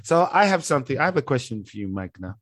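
A man's voice: medium pitch, big pitch swings, fast talker, faint music behind. Playful teasing man podcast co-host. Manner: playful teasing, poses questions with a setup. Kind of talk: casual podcast chat.

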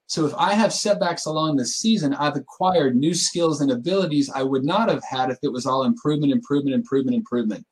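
A man with an ordinary mid-range voice talks through a coaching idea in casual podcast chat. He is earnest and keeps checking in with his listener with quick rhetorical asides. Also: medium pitch, low-quality recording. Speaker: youth soccer coach, co-host.

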